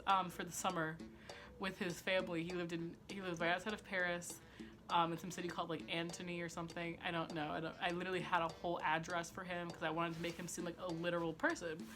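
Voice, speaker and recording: A woman's voice: on the low side, level tone, fairly quick, over music. A young woman telling a personal story in a casual, profane way, with lots of "like" and laughter at herself. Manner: chatty and profane, heavy use of "like"; self-mocking, laughing at herself. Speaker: vlogger.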